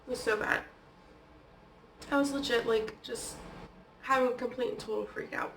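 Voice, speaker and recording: A woman's voice: a little high, steady tone, normal speed, creaky, a bit bright, a little hiss or hum. A woman vlogger telling personal stories in a casual, chatty way, often dropping "like" and "okay?". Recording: echoey room, distant from the mic.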